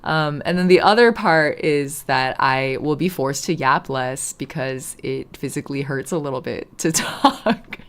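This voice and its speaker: A woman streaming live with a hoarse, half-lost voice, rambling casually to her chat and laughing often. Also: low-pitched, lively intonation, slow pace, long pauses, a bit bright.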